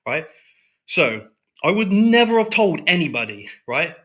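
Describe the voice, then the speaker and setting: A man's voice: on the high side, big pitch swings, a little slow, fairly bright tone. A man talking as a guest in a casual interview, heated and blunt, swearing often and tagging lines with "right?".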